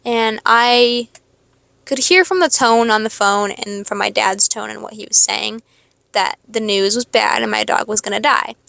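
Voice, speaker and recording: Young woman rambling with vocal fry. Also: a little high, unhurried, pushed and bright, no echo. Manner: rambling, expletive-laden storytelling. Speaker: podcast host. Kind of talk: casual confessional monologue.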